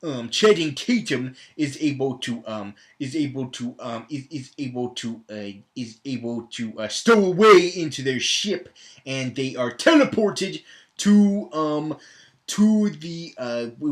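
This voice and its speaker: A man's voice: medium pitch, animated, a little slow. Rambling, stammering man recapping a film. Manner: rambling, full of fillers and stammered restarts. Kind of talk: casual comedic movie recap.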